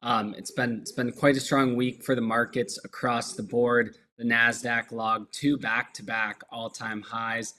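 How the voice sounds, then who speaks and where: A young man giving a steady, matter-of-fact market overview on a podcast. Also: mid-range voice, measured pace, hardly any pauses. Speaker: market analyst.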